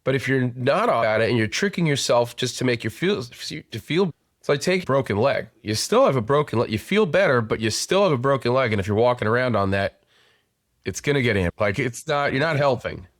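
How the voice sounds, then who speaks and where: A man's voice: medium pitch, animated, a little fast, no echo, studio quality. A man hosting a sales podcast, talking in a loose, rambling way with many restarts and fillers. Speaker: podcast host and sales coach. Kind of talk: casual conversational interview.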